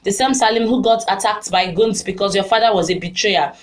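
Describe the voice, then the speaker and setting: A woman reading the lines of a bitter, vengeful young prince in a flat read-aloud way. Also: mid-range voice, a little fast, close to an everyday voice.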